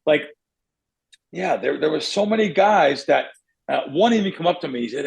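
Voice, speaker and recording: Gravelly, rambling male podcast host. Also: on the high side, a little fast, low-quality recording. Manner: rambling, self-correcting, animated. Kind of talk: casual storytelling.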